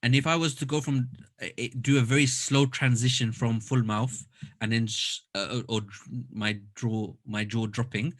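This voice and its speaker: A man's voice: mid-range voice, fairly even intonation, normal speed. A man teaching a Quran recitation class online, explaining step by step and demonstrating sounds aloud over a computer mic.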